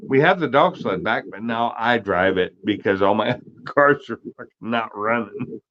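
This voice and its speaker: A guest on a car livestream chats casually, blunt and swearing often. His fairly low voice is expressive and at normal speed, though the recording sounds muffled.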